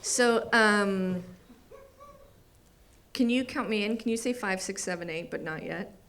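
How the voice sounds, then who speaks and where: Young woman comic on stage, mid-pitched, laughing through her bits, noisy live room. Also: a little slow. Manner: laughing often, acting out voices of others. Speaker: stand-up comedian. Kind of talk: stand-up comedy set. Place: small theater stage.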